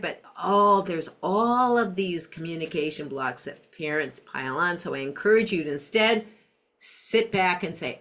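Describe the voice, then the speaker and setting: Middle-aged woman, parenting expert guest, soft-spoken, conversational. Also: fairly low pitch, lively intonation, unhurried. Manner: gentle, acts out soft empathetic phrases. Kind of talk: interview conversation.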